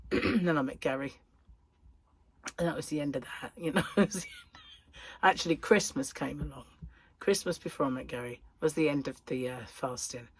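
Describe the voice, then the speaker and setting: Low, gravelly woman chatting. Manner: chatty, rambling, giggly asides. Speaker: crochet vlogger. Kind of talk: casual chat.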